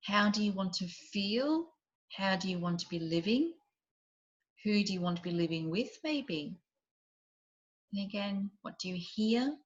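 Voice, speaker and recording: A woman leading an online group session, guiding listeners through a visualization with gentle questions that often drop soft and quiet. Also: medium pitch, animated, a little slow, pauses often, dull audio. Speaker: program facilitator.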